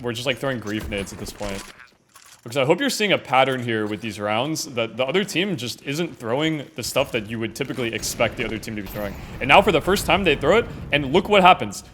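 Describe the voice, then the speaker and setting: A man's voice: mid-range voice, slight background noise. Young man commenting casually on a game. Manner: casual, many fillers, often trails off quietly. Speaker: gaming content creator.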